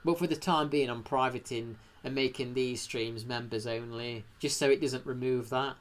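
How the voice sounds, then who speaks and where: With a mid-range voice at normal speed, a British man casually chats on a live stream. His talk wanders, he thanks viewers from the chat, and he has sudden bursts of excitement.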